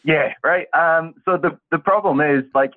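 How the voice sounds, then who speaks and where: A man's voice: a little high, normal speed. A Scottish man in his thirties, calling in and chatting casually, with a friendly, rambling way of talking. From Scotland. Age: 30s. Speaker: caller. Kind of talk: casual chat. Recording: tinny phone line.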